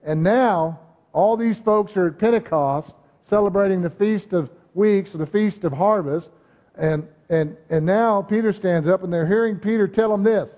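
A man's voice: high voice, moderate pace. A man preaching a sermon, emphatic, often asking the congregation "amen?" and "right?". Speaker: pastor. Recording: dull muffled sound with long hall reverb.

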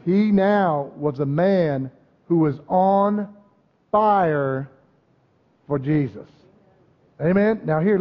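High-voiced preacher in an echoing hall. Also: male voice. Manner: emphatic, calls out "Amen?" and "right?" to the congregation. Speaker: pastor. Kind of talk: sermon. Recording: dull muffled sound with long hall reverb.

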